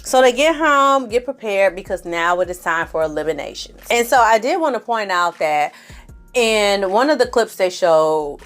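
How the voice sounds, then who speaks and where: A woman hosts a reality TV recap in a sassy, animated tone, full of slangy asides. Her pitch sits in a middle range. Faint music plays underneath. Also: moderate pace. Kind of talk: casual chatty recap.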